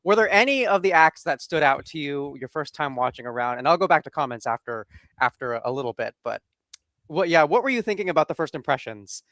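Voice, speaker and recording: An easygoing male co-host who laughs often and steers the conversation with questions. His voice sits a little high and moves around a lot. It is recorded dry and close. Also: expressive, fairly quick, a bit bright, no echo. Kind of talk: casual live-stream chat.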